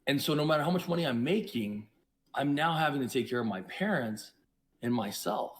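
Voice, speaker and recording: A man who is a podcast guest, telling his own story in an emphatic, preachy way, with sudden jumps in pitch and loudness. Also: animated, a little fast. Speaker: podcast guest, investor and entrepreneur. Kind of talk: reflective storytelling.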